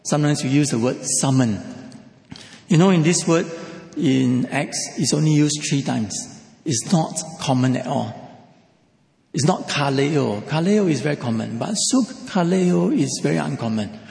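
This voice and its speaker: A man's voice: a little high, animated, measured pace, gravelly, darkish tone. A man preaching a sermon, emphatic and repeating key phrases. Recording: echoey hall.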